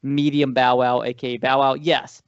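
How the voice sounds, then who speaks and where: A man co-hosting a casual movie-review podcast, rambling and animated, often correcting himself mid-sentence. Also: medium pitch, moderate pace, clean tone. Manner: rambling, animated, frequent self-corrections and laughs. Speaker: podcast co-host. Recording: dull lo-fi dry sound.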